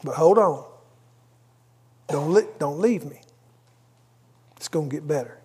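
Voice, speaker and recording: A man's voice: fairly high pitch, a little slow, dark tone, husky. A man preaching a sermon, telling a story conversationally with asides. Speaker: pastor.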